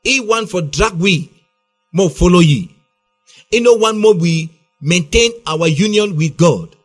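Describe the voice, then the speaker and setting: Gospel radio host. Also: male voice, high voice, lively intonation, measured pace, faint music behind. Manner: encouraging, affirms the guest.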